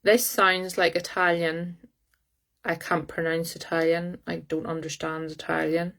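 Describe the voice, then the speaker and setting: A woman giving a live-streamed psychic reading over her phone, talking in a halting way as she searches aloud for words. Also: on the low side, level tone, vocal fry, fairly bright tone. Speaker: psychic medium.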